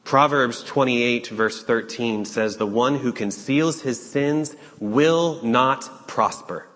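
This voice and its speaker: A man preaching a sermon, urgent and questioning, with dramatic pauses. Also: mid-range voice, fairly bright tone. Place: church sanctuary. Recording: long hall reverb.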